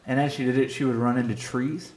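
A man's voice: mid-range voice, level tone, fast talker, darkish tone, slight background noise. A man co-hosting a casual talk show, telling a rambling story and laughing often. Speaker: podcast co-host. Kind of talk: casual banter. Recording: roomy echo.

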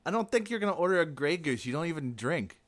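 A man's voice: a little high, big pitch swings, fast, fairly bright tone. A man co-hosting a podcast in casual chat, teasing his co-host and laughing often.

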